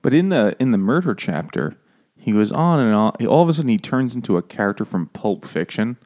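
A man co-hosting a comedic book podcast, talking casually and acting out quoted lines with sudden jumps in his voice. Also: a little fast. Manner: animated, acts out quotes in jumps of pitch. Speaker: podcast co-host.

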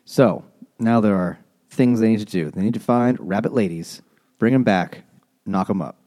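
A man's voice: lowish voice, normal speed, mellow. A man hosting a podcast, retelling a story in a crude, jokey casual chat. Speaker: podcast host.

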